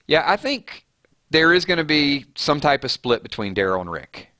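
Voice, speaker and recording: A man's voice: a little high, normal speed, no room sound. Chatty man hosting a dry live stream. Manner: chatty, reads out viewer comments; animated, voice jumps up on names and questions. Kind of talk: casual live-stream commentary.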